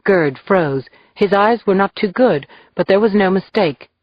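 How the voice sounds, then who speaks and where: A woman with a mid-range voice reads a crime novel aloud, her audiobook narration measured and even. The recording is dull, dry, and lo-fi.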